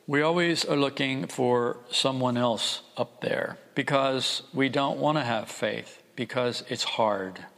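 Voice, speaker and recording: A man's voice: mid-range voice, a bit bright. A man preaching a conversational, wry sermon, often acting out the voices he quotes. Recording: long reverb.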